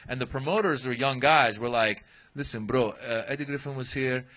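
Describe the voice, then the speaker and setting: A man telling an animated story as a guest comedian on a comedy podcast. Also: mid-range voice, moderate pace, rough recording. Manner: animated storyteller, acts out voices.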